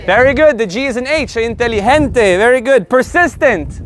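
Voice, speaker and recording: A man teaching a live online Spanish lesson, joking and animated, slowly repeating words for his learners. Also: very high voice.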